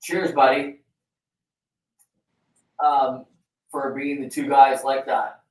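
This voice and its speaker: A man's voice: medium pitch, little pitch movement, takes it slowly. A man co-hosting a casual chat show, rambling with lots of fillers and easy swearing. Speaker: show co-host. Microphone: video call. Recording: roomy, distant from the mic.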